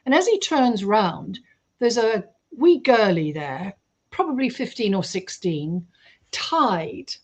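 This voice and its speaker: A woman's voice: medium pitch, slow, slightly rough. Woman telling a vivid story. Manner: lively storyteller who acts out quotes. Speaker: guest researcher. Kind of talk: storytelling in an interview.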